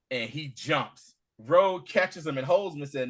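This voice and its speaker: Lively, bright-voiced man recapping. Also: mid-range voice. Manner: animated retelling with quick voiced quotes and laughs. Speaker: podcast co-host. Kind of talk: casual recap chat.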